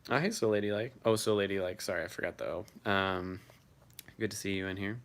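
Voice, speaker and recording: A man's voice: fairly low pitch, a little fast, clear, resonant tone. A man hosting a casual live stream, reading viewers' messages aloud and answering them offhandedly.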